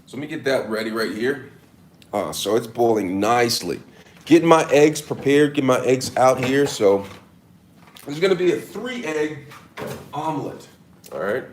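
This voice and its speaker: A man's voice: medium pitch, animated, moderate pace, a little hiss or hum. A man doing a casual cooking demo in his kitchen, hamming it up with mock-serious tips and repeated catchphrases. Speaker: cooking vlogger. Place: home kitchen.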